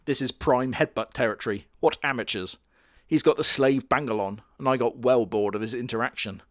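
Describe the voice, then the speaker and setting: A man's voice: mid-range voice, a little fast, no echo, clean studio sound. A man giving crude, sardonic comedic commentary on an anime. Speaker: anime reviewer.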